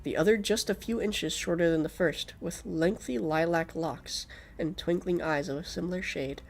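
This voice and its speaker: A man's voice: fairly high pitch, normal speed, vocal fry, slight background noise. A man streaming a game, reading it aloud and chatting casually, sleepy and yawning, swearing often. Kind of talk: game stream chat and narration.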